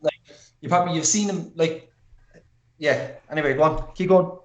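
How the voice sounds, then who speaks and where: A man's voice: a little high, normal speed. A man co-hosting a podcast, chiming in with laid-back, casual remarks. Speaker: podcast co-host. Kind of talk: casual film review chat. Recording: echoey room.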